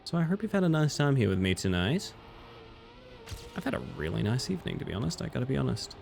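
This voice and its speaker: Late at night, a man streams a game live, casually commenting in a sleepy, chatty, relaxed way while reading chat aloud and answering it. His mid-range voice is fast and creaky, with background noise present.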